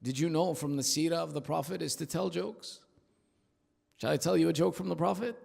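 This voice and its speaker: A male preacher giving an emphatic, rhythmic sermon at an Islamic center, telling stories and dropping into hushed asides. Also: on the high side, brisk, gravelly. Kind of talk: sermon with storytelling. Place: large prayer hall of an Islamic center. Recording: long hall reverb.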